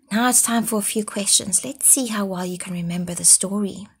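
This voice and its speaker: A woman's voice: mid-range voice, husky. A woman primary school teacher reading a storybook aloud to young children, then asking them questions about it. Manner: slow, expressive read-aloud with quiz questions.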